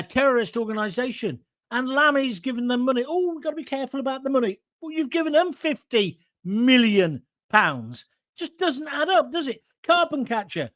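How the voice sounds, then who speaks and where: A man's voice: very high-pitched, fairly bright tone. A man hosting his own show, delivering a combative, sarcastic political rant. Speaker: host.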